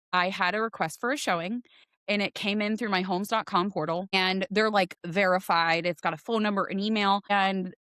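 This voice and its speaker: A woman in her forties telling a personal story in a casual podcast chat, animated and acting out voices as she goes. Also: mid-range voice, clean tone, dry recording, clean studio sound. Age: 40s. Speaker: podcast guest, realtor.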